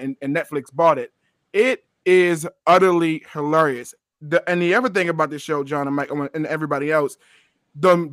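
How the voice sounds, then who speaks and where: Excitable man on a dry mic. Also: fairly high pitch, dry recording. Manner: animated, laughing, repeats words. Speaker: podcast co-host. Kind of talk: casual chat.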